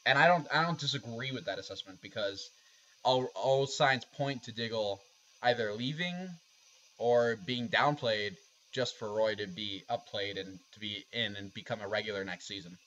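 A man co-hosting a podcast in a casual discussion, thinking aloud in a measured way. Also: fairly low pitch, a bit bright. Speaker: podcast co-host. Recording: dull lo-fi audio.

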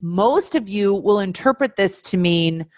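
In an unhurried yet animated mid-range voice, a woman teaches a webinar as a life coach. Speaking to her audience directly, she stresses her points and repeats key phrases; the recording is dry and studio quality.

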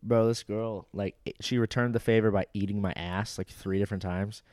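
A man's voice: on the low side, steady tone, brisk, darkish tone, dry recording, studio quality. A young man in crude casual chat, rambling with constant filler words and frequent laughter.

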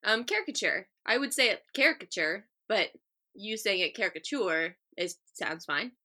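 A young adult woman co-hosting a podcast in casual chat, encouraging and gently teasing. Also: medium pitch, lively intonation, normal speed. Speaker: podcast co-host.

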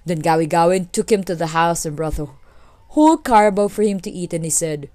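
A woman narrating a folk tale in a steady, clear read-aloud manner. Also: lowish voice, a little fast, no echo. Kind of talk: storytelling narration.

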